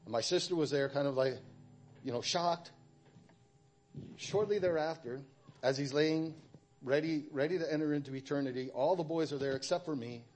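A middle-aged man giving a personal church testimony, speaking haltingly with frequent restarts. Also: a little high, darkish tone.

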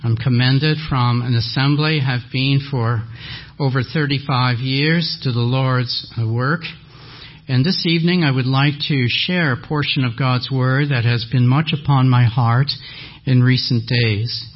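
An older man with a French Canadian accent, whose first language is French, preaching a sermon slowly and deliberately with gentle humor. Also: mid-range voice, fairly even intonation. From French-speaking Canada. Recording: dull lo-fi audio.

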